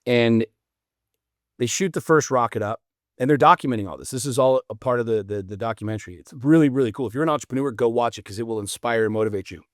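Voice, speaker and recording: Man, podcast guest, animated and profane storyteller, mid-pitched voice, dry close sound. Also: fast talker, no echo. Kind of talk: casual podcast conversation.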